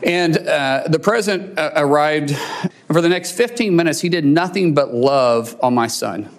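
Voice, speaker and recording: A man's voice: on the high side, lively intonation. Choked-up middle-aged father telling a story. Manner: heartfelt, halting, with restarts and fillers. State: choked up with emotion. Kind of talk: personal testimonial.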